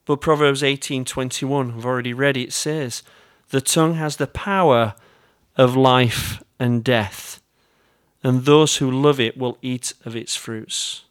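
A pastor with an English accent delivers a sermon, talking directly to the congregation and telling stories that poke fun at himself. His mid-range voice is clear and resonant, fairly even and a little slow, recorded cleanly in a studio without echo.

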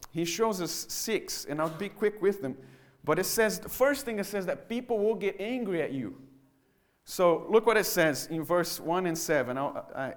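A man with a fairly high voice preaches a sermon. He is animated and conversational, and he now and then slips into the voices of the people in his stories. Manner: animated preaching that acts out mocking voices of others. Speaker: pastor. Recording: church sermon audio.

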